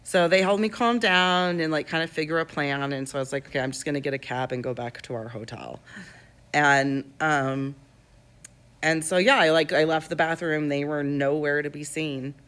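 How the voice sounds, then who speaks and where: A woman's voice: sits low, normal speed, a bit bright, smooth. A woman in her twenties telling a personal story in a casual, rambling way, with lots of fillers and restarts.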